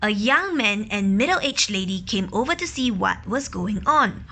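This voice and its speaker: A woman reading a children's picture book aloud, pausing to ask questions, explain words and imitate quacking ducks. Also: medium pitch, animated, bright, forceful tone. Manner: imitates quacking and gasps for effect. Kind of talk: children's story read-aloud.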